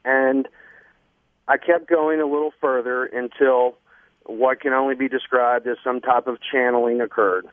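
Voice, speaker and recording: A man's voice: medium pitch, level tone, dry recording. Guest man telling a story over the phone. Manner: earnest, halting with fillers. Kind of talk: casual storytelling on a radio show. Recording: dry phone line.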